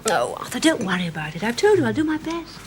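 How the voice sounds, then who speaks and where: An actress playing a kindly, gently amused woman who reassures a friend. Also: a little high, sing-song, fast. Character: kindly, wry friend to a tired man. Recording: hissy radio drama recording.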